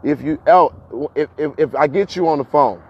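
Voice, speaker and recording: A man's voice: on the high side, moderate pace, breathy edge. Breathless man talking while walking uphill. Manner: animated, repeats himself, laughs often. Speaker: livestream host. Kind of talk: casual live-stream talk to viewers. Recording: dull lo-fi phone audio with faint street noise.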